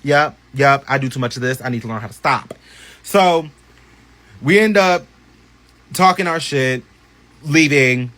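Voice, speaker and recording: A man telling a personal story in a casual storytime vlog, animated and profane, with many chatty asides. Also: medium pitch, a little slow, pauses often.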